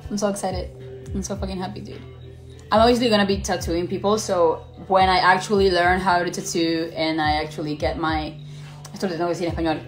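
A young woman live-streaming, casually chatting and swearing as she answers viewer questions, switching between Spanish and English. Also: on the low side.

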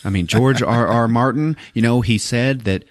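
A man voicing an exasperated male prison warden, halting and overly formal. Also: mid-range voice, no echo, clean studio sound, pitched above the performer's own voice, lightly acted.

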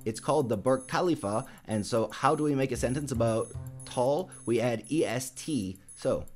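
A man teaching English to learners, with a very lively, swooping delivery. He speaks slowly and clearly and leans hard on the key words. Soft music plays faintly behind him. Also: medium pitch. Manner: slow, careful pronunciation with emphatic stress. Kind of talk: scripted English lesson for learners.

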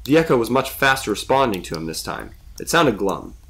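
Man reading a creepy cave story, mid pitch, lively intonation, steady pace. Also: a little fast. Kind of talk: scripted story narration.

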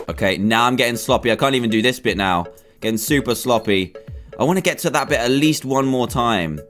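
Excitable young man commenting on a game. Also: mid-range voice, a little fast. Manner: animated, exclaims and groans at near-misses. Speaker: gaming YouTuber. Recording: faint game music behind.

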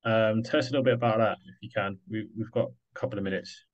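A man's voice: fairly low pitch, fairly even intonation, fast, lo-fi sound. A man hosting an interview, talking in a loose, rambling, conversational way. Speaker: host. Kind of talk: casual interview chat.

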